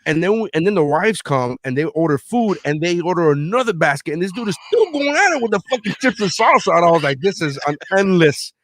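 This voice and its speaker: Animated, foul-mouthed male podcast host. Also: high voice, fast talker, hardly any pauses, a little hiss or hum. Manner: animated storyteller, swears freely, acts out his own lines. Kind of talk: casual chat.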